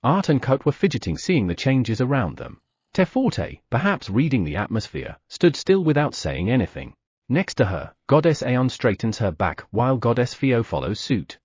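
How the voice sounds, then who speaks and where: A man narrating a fantasy audiobook in first person, giving the other characters small shifts of pitch. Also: sing-song, moderate pace, darkish tone, husky, no echo, studio quality.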